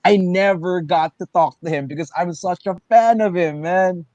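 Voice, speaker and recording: Excitable wrestler co-host, man, fairly high voice, dry close sound, casual stream chat. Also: normal speed, no echo. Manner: excitable, animated, jumps between loud and soft.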